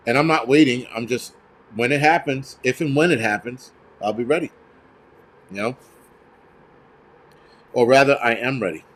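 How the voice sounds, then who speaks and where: A man hosts a live stream, ranting bluntly and profanely with many fillers while answering viewers and reading out chat messages and donations. His voice is medium-pitched at a normal speed, and he pauses often.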